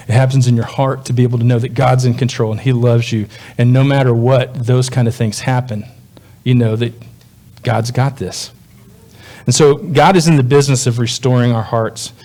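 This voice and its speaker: A man's voice: medium pitch, warm tone. A male pastor delivering a sermon in a conversational, folksy preaching manner.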